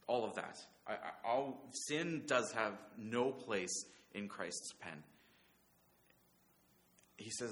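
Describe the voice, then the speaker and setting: A man preaching a sermon, earnest and halting, often restarting his words and dropping softer when he voices God's promises. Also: lowish voice. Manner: earnest, halting, many restarts, soft paraphrased quotes of God.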